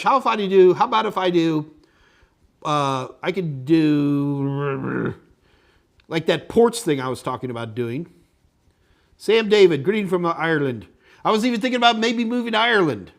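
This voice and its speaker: A man hosting a live tech question-and-answer stream, rambling casually and thinking out loud as he reads viewer chat. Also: a little high. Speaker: tech instructor and show host.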